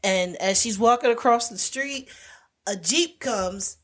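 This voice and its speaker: A woman podcast co-host in casual chat, retelling a film plot with lively storytelling and lots of "like" fillers. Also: a little high, unhurried. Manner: animated storytelling, heavy "like" fillers.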